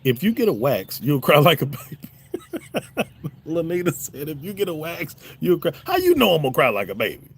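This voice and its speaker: A man's voice: on the high side, wildly swooping pitch, normal speed, slight background noise. A middle-aged man with a Southern drawl, hosting a casual livestream and joking back at his chat in a laid-back way. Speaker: YouTube host reading live chat. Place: home, smoking a cigar on a livestream.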